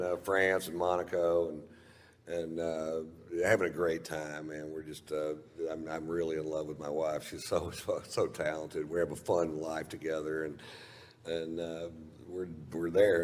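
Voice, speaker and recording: A man's voice: a bass voice, long reverb tail, slight background noise. A male stand-up comedian telling a long story, rambling and profane, often chuckling at his own lines.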